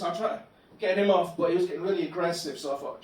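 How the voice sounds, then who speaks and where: A man doing a stand-up comedy set in a club, telling absurd stories deadpan. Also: a little high, fast talker, few pauses. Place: comedy club bar room. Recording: echoey club room from a distant mic.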